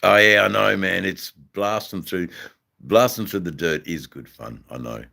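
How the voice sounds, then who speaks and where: An Australian man hosting a livestream, chatting casually with viewers in a halting way, full of ums and repeated phrases. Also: deep voice, vocal fry, sharp tone. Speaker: livestream host reading chat. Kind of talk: casual live-stream chat.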